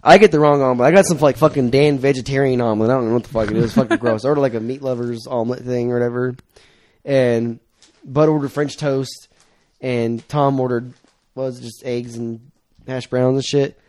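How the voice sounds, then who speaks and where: A man's voice: mid-range voice, steady tone, brisk, darkish tone. A young man telling a story in casual chat, swearing often, laughing and acting out what people said. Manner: profane, laughing, acts out quotes.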